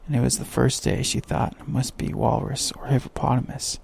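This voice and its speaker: A man narrating a sleep story with slow, soft bedtime reading. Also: mid-range voice, steady tone, creaky, a little hiss or hum.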